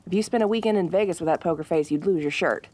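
A woman's voice: lowish voice, fast, a little mellow. Whispered role-play: young woman, playful girlfriend, bossy and affectionate, light laughter throughout.

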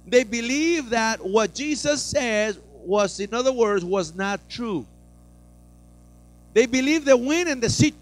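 A pastor preaching a sermon, moving from quiet explanation to loud, fervent preaching and acting out scenes. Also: male voice, sits high. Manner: builds from soft teaching to loud preaching, acts out frightened disciples.

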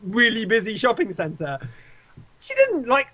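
A man's voice: high-pitched, measured pace. A young man giving casual advice and telling stories in an interview, emphatic and repetitive. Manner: animated, emphatic, repeats himself. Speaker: interviewee, game caster.

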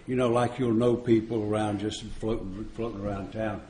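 A man's voice: lowish voice, flat delivery, normal speed, dark tone. A man speaking at a recovery retreat, telling stories in a folksy, joking way and chuckling often. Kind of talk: storytelling recovery talk. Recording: echoey room.

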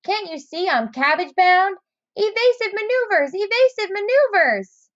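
A woman's voice: high voice, very animated, takes it slowly, dry recording, highs cut off, heavily acted. A woman voicing a plucky little snail. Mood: determined. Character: determined little male snail, cheerful and stubborn.

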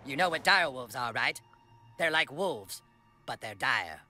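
An actor playing a pompous cartoon prince in a video game, speaking in grand, formal proclamations with deadpan asides. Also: male voice, medium pitch, unhurried, faint music behind. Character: pompous royal prince of a cartoon northern kingdom. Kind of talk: video game character dialogue.

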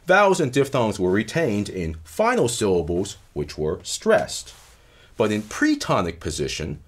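A man lecturing on linguistics in a measured, explanatory way, stressing key terms as he goes. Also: fairly low pitch, breathy edge. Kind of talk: academic lecture.

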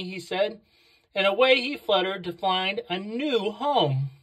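A woman reading a picture book aloud to children, slow and expressive on the sound words. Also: medium pitch, low-quality recording. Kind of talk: read-aloud storytelling for children.

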